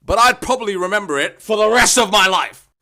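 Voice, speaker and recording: A young man vlogging comic rants, swearing constantly and bursting into exasperated shouts. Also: high-pitched, expressive, brisk. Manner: profane, exasperated ranting with sudden shouts. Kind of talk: comedic rant vlog.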